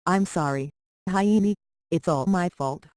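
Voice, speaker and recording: A reader voicing a grieving young man whose speech comes halting and tearful. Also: medium pitch, darkish tone, no echo, clean studio sound, natural voice. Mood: heartbroken.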